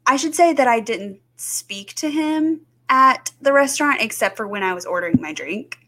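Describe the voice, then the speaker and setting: A woman's voice: a little high, expressive, normal speed, pushed and bright. A woman co-hosting a podcast, chatting casually with many fillers and restarts. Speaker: podcast co-host. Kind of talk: casual chat.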